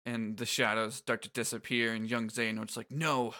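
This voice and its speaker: Brief: man, sarcastic podcast co-host, bright tense voice, casual. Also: fairly low pitch, completely flat delivery, fairly quick. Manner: wry, sarcastic, swears casually. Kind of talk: casual recap chat.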